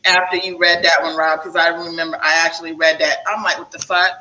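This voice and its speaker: A woman's voice: on the low side, level tone, fast, pushed and bright, slight background noise. A woman on a livestream panel, talking in a sassy, mocking way. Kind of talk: casual livestream chat. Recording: echoey room.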